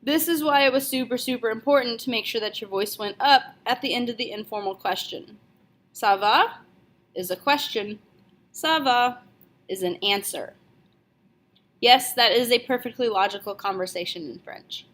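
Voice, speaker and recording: A young woman teaching a French lesson, speaking clearly and slowly repeating each phrase. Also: on the high side, a bit bright. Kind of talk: video language lesson.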